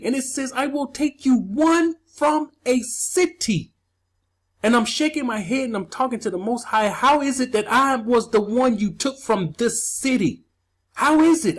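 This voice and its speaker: Emphatic woman preaching with a husky voice. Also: fairly high pitch. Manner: emphatic, repeats key phrases, asks listeners rhetorical questions. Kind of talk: sermon.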